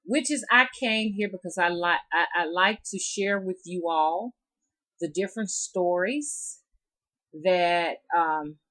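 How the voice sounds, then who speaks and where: Low-pitched Southern woman with a drawl; casual, meandering vlog storyteller. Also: slow, a bit bright, low-quality recording. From Southern United States. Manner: rambling, chatty, talks straight to her audience. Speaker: rootworker storyteller.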